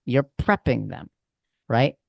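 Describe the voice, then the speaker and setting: A man coaching someone in a casual, animated way with friendly slang. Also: mid-range voice, slow pace, creaky, dry recording, muffled recording. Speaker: communication coach. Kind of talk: coaching over a call.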